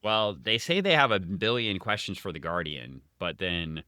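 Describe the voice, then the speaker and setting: Deep forceful man, dry sarcasm. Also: animated, normal speed, clear, resonant tone, no echo. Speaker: comic book podcast co-host. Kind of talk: casual chat.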